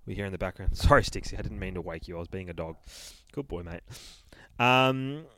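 A man's voice: low-pitched, expressive, a little fast, a bit bright, no echo. A man casually recapping a horror comic, swearing constantly and acting out the characters' lines. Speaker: comic book podcast host.

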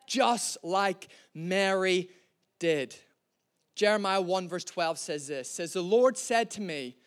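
High-voiced preacher. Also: male voice, a bit bright. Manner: conversational, slows down to stress key lines. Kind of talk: sermon with storytelling.

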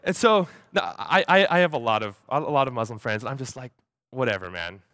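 Speaking to a church audience, a young man tells a story in a mid-range, expressive, slightly bright voice. He halts and repeats words often, while animatedly acting out the voices of those he quotes; the recording is dry and studio quality.

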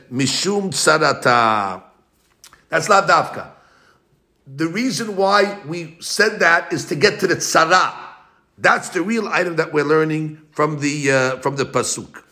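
Male Talmud teacher, bright and forceful tone, animated back-and-forth argument, chanted quotes. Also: a little high. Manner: animated, argues both sides in a quick back-and-forth; slows to chant Hebrew and Aramaic quotes. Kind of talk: Talmud lesson.

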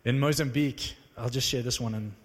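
A man preaching a sermon and telling stories with animated energy, acting out the dialogue. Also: mid-range voice, fairly quick, long reverb tail. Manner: animated storytelling, acts out dialogue. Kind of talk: sermon with storytelling.

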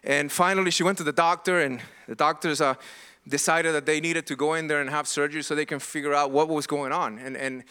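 A man's voice: on the high side, fairly even intonation, brisk, pushed and bright, clean tone. A middle-aged man preaching a sermon as pastor, earnest and impassioned, often restarting and repeating himself.

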